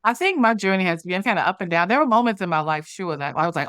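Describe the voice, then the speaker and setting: A woman's voice: fairly low pitch, lively intonation, fast talker, a bit bright, no room sound, studio quality. A woman interview guest telling a personal story, animatedly acting out the dialogue from it. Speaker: guest, movement founder.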